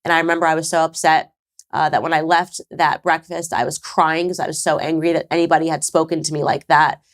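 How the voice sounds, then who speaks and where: A woman's voice: low voice, flat delivery, a little fast. A woman in her thirties from the United States hosting her own show, talking in an emphatic, conversational way with sarcastic asides. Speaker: podcast host. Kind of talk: casual commentary to camera.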